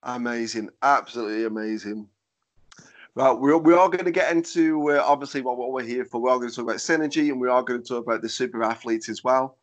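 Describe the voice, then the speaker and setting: Brisk male podcast host. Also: medium pitch. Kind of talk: casual chat.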